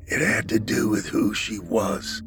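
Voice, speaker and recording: A man voicing a frail, dying male inmate with a croaky voice, speaking slowly in a hushed near-whisper. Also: on the low side, faint music behind, pitched above the performer's own voice. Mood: strained, confessing.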